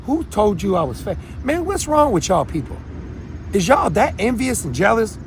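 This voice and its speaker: A man from Minnesota hosting his own show, ranting to viewers in a rambling, emphatic way that swings between loud and quiet. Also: high voice, big pitch swings, normal speed, gravelly, a little hiss or hum. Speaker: show host. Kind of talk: unscripted rant to viewers.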